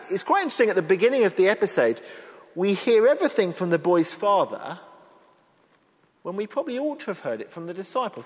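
A man preaching a sermon in an earnest, expressive way, acting out the lines he quotes. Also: high-pitched. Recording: long reverb of a large hall.

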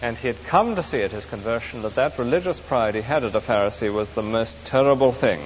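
Preacher in an echoey hall. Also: male voice, mid-range voice, fairly quick. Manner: earnest, emphatic, expository. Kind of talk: sermon. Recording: dull echoey hall recording with faint hiss.

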